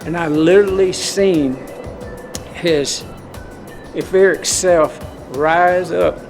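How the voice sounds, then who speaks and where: A man's voice: high-pitched, fairly even intonation, takes it slowly. Folksy Southern man, earnest vlog talk. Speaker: vlogger. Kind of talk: personal storytelling and spiritual talk. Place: outdoors in cold wind. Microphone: handheld camera. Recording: background music under the voice.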